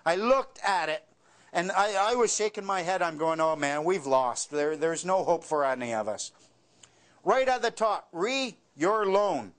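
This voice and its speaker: A man tells stories to an audience in a wry, joking way, landing his punchlines dry. His speaking voice sits high for a man. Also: a bit bright. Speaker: speaker giving a talk. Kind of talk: storytelling talk with jokes.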